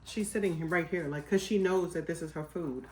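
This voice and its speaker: A woman's voice: fairly low pitch, fairly quick, darkish tone, roomy sound, a little hiss or hum. A woman in her forties, chatting casually as a vlogger while cooking at home, rambling with lots of fillers. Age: 40s.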